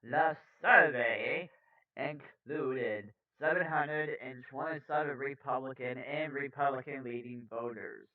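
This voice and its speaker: A man hosting a political video, reading out poll figures in a slow, halting way and correcting himself as he goes. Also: mid-range voice. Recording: tinny phone-like sound from far off.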